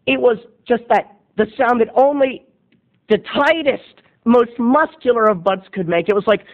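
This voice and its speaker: A man in his thirties with a very high voice tells a comic story to the camera. He talks in a melodramatic, theatrical way, and the sound is dull and lo-fi. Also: normal speed. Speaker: video blogger. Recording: dull lo-fi recording.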